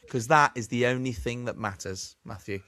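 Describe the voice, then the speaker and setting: A man's voice: mid-range voice, moderate pace, sharp tone, dry recording, studio quality. A man co-hosting a casual business podcast, joking and swearing with self-mocking banter. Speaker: podcast co-host.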